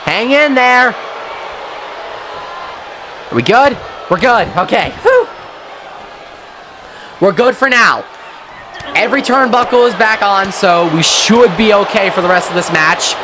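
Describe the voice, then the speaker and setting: High-pitched guy yelling wrestling play-by-play, swears a lot, noisy hiss in the recording. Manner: excitable, sweary, often shouting at the action. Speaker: wrestling commentator. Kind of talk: play-by-play video game commentary.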